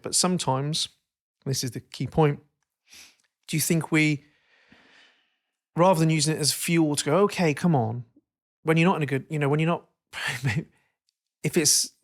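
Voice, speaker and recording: A man in his late thirties hosting a casual podcast chat, animated and swearing, acting out quotes in put-on voices. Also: fairly high pitch. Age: 30s. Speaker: podcast host.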